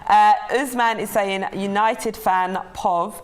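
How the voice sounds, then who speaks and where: A woman on a fan talk show panel, reading viewer messages slowly and chatting casually. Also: mid-range voice, fairly even intonation. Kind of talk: casual chat.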